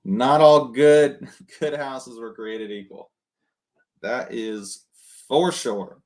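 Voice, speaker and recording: A man casually coaching people on cold calling between phone calls, often tagging his points with a quick "right?". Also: medium pitch, darkish tone. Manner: conversational, keeps adding "right?". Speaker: real estate wholesaling coach.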